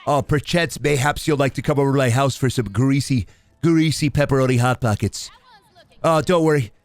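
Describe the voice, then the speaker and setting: A fussy, wheedling nerd, as a man puts him on, courting a lady in stiff old-fashioned words. The voice sits higher than his own and lilts with smug politeness. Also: moderate pace, dry recording, natural voice. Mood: smarmy. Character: awkward nerdy young man courting a lady.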